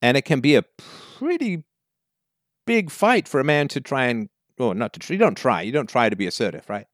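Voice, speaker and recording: Male talk host, animated advice-giver who acts out his anecdotes; bone-dry studio voice. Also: mid-range voice, moderate pace, no echo. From Canada. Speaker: call-in show host.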